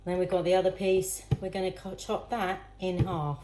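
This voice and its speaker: A woman's voice: on the low side, flat delivery, moderate pace, background noise. Chatty woman cooking in an echoey kitchen. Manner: chatty, talks to herself and viewers while chopping. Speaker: home cooking vlogger. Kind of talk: casual cooking vlog. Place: home kitchen. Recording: echoey kitchen with clattering pans.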